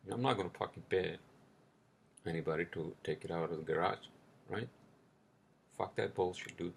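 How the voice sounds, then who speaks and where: Low gravelly guy doing a podcast alone, rambly and swears a lot, bit of noise in the background. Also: moderate pace, pauses often. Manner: rambling, profane, heated when ranting. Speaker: podcast host. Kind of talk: casual solo podcast monologue.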